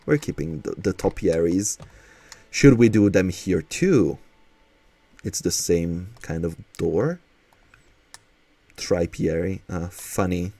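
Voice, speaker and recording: A man's voice: low voice, warm tone. A man streaming casually, chatting and thinking aloud as he builds in a game, with a manner.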